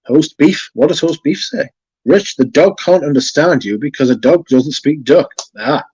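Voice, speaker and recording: A man hosting a fragrance livestream, chatting casually and reading viewer comments aloud in a relaxed, chatty way. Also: on the high side, normal speed, breathy edge, no echo, lo-fi sound. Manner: relaxed, chatty, yawning now and then.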